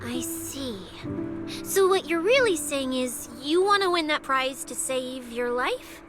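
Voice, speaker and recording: A bubbly young security agent who teases, jokes and can't stop thinking about snacks. Her voice sits very high and swoops all over as she talks. Game music plays steadily under the dialogue. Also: lively intonation, slow pace, fairly bright tone, heavily acted. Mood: mock-stern. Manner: playful, teasing, food-obsessed. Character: bubbly greedy young female public security specialist. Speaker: game character. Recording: game audio with music behind.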